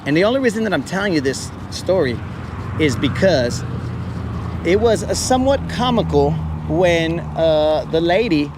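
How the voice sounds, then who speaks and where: A man tells a comic story in a relaxed, teasing way and puts on the voices of the people he describes. His voice sits a little high. Steady outdoor noise and traffic run behind him. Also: moderate pace. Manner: joking, self-mocking, acts out quoted voices. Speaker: podcast host. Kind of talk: casual storytelling. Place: outdoors, fishing from a kayak.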